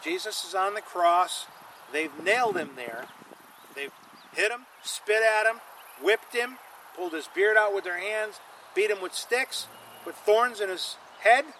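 A man's voice: high voice, unhurried, pushed and bright, a little hiss or hum, rough recording. A man preaching a sermon, emphatic, repeating lines for stress and calling on the congregation to say them with him. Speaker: pastor.

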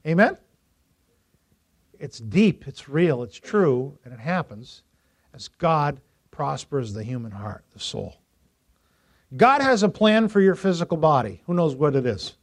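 A man preaching a sermon to his congregation in a church, slightly higher pitched than most men. He swings between loud, emphatic calls and quieter, softer asides. He jokes with the people in the pews and asks them questions. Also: very animated, measured pace, pauses often. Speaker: pastor.

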